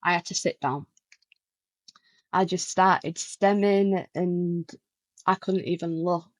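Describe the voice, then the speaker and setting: A woman's voice: lowish voice, slow pace, no echo, low-quality recording. A woman, a guest musician chatting casually in an interview, telling a story with lots of "like" and restarts.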